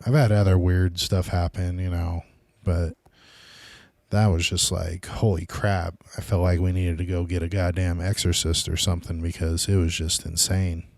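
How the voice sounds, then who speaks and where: A man's voice: low-pitched, flat delivery, moderate pace, creaky, darkish tone, no echo. A man hosting his own podcast, rambling loosely and casually in a solo monologue. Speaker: podcast host.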